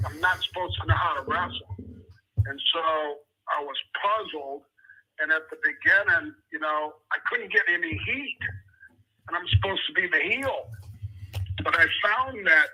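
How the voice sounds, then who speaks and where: An older man speaks with a husky, sharp-edged voice as a podcast guest. He tells stories in a relaxed, chatty way and talks straight to the host. He slips into other people's voices when he quotes them. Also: fairly high pitch, low-quality recording. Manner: animated storyteller who acts out quoted people. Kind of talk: casual interview storytelling.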